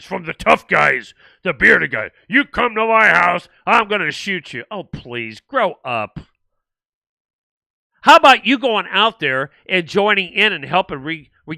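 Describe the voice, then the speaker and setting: A man's voice: fairly high pitch, bright, forceful tone, no echo. An older man hosting a political livestream, rambling and indignant, with frequent restarts as he answers viewer comments. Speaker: livestream host.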